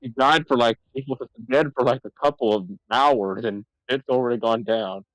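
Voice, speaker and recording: A man's voice: mid-range voice, moderate pace, a bit bright, no echo, rough recording. A man co-hosting a podcast, making rambling, sarcastic asides while watching a movie. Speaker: podcast co-host. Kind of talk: casual movie-riffing chat.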